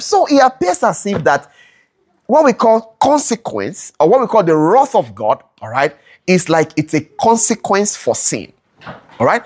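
Bible study teacher, voice jumps all over, keeps saying all right? and repeating questions. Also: mid-range voice. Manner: checks in with listeners, keeps asking "all right?"; asks rhetorical questions and repeats them for emphasis.

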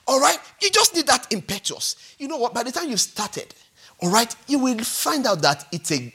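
A man in his forties preaching a sermon as pastor, animated and repetitive, often checking in with the congregation. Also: extremely high pitch, normal speed, breathy edge. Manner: animated, repetitive, peppered with "all right?" and "hallelujah".

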